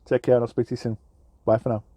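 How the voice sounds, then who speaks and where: A man's voice: medium pitch, flat delivery, rapid-fire, background noise. A man from England who drives trucks, chatting casually in a rambling, self-deprecating way with lots of fillers and restarts, recorded in his truck cab. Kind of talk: casual vlog chat.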